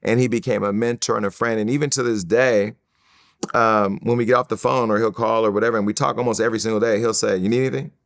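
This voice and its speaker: A middle-aged man tells a story as an interview guest, and his voice sits on the low side. He talks in an animated way, curses freely and acts out what other people said. The room sounds dry and close. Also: fast talker, gravelly, no echo.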